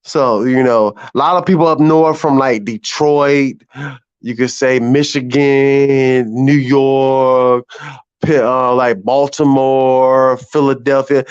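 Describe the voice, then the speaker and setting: A man's voice: mid-range voice, smooth, no echo. Drawling Southern US man, muffled audio. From South Carolina, US. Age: 30s. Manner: slow drawling, swearing freely. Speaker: guest on a live stream panel. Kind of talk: casual chat. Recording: dull lo-fi call audio.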